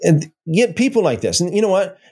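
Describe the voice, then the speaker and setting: A man's voice: sits high, very animated, fairly quick, a little mellow, breathy edge. A man hosting a casual livestream, rambling and taunting, repeating himself as he reads viewer comments. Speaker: livestream host.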